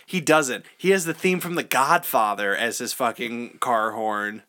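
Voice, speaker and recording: A man's voice: medium pitch, a little slow, sharp tone. A man co-hosting a podcast, chatting loosely and joking, often slipping into put-on voices. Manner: jokey, loose, puts on voices and mock accents. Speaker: podcast co-host. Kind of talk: joking casual chat.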